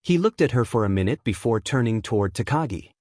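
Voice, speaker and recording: A man narrating a fan fiction story in an even, plain reading style. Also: medium pitch, fast, dry recording, clean studio sound. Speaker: fanfic narrator. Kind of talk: scripted narration.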